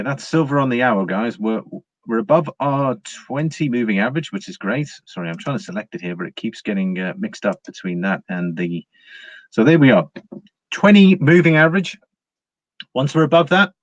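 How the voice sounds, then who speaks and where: Here a man from England runs a relaxed precious-metals livestream, talking a little fast with lively intonation at a medium pitch. He's chatty and filler-heavy, reading the chat and greeting people by name, and the home recording is dry, slightly dull and echo-free.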